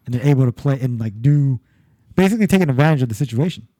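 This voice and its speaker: A man's voice: medium pitch, animated, quick pace, warm tone, no room sound. A man co-hosting a casual sports podcast, rambling with restarts, swearing and laughing as he talks. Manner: rambling, profane, laughs at own jokes. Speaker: podcast co-host. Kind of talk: casual chat.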